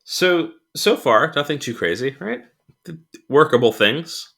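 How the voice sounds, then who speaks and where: A man's voice: on the high side, a little slow, gravelly. A man co-hosting a podcast, casually telling a story and chuckling as he goes. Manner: animated storyteller who chuckles through anecdotes. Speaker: podcast co-host.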